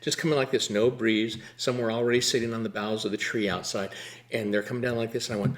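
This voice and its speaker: An older man sharing a personal faith story in a relaxed, earnest conversation, sometimes laughing as he tells it. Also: mid-range voice, fast talker. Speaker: guest sharing testimony. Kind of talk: conversational testimony.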